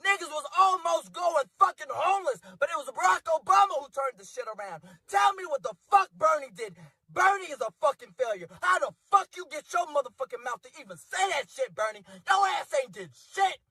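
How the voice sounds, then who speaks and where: A man ranting furiously into his phone, shouting and swearing with a cracking voice while crying. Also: very high voice, expressive, fairly quick, no echo, low-quality recording. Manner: screaming, profane, voice cracking. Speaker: angry voter in a viral clip.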